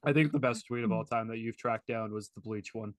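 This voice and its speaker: A man's voice: fairly low pitch, a little fast, no echo. A man co-hosting a live hockey podcast stream, talking in loose rambling runs and poking fun at himself. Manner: rambling, self-mocking, laughs. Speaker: podcast co-host. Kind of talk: casual chat watching a hockey game live.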